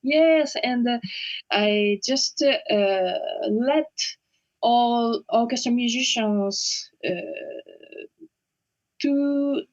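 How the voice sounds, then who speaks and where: A woman whose first language is Japanese, speaking slowly and hesitantly with many fillers as an interview guest. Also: fairly high pitch, darkish tone, lo-fi sound. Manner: slow and hesitant, frequent fillers and restarts. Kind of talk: casual interview conversation.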